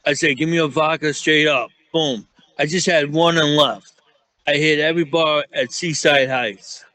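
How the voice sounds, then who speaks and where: A man's voice: a little high, steady tone, moderate pace, bright, forceful tone, low-quality recording. A man from Staten Island with a New York accent, telling rambling, profane stories in casual chat and acting out the quotes. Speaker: guest storyteller.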